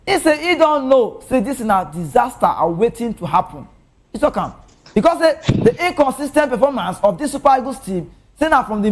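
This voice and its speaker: A man with a Nigerian Pidgin accent hosting a casual commentary show, talking with animated rhetorical questions. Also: very high-pitched, slight background noise. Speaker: show host.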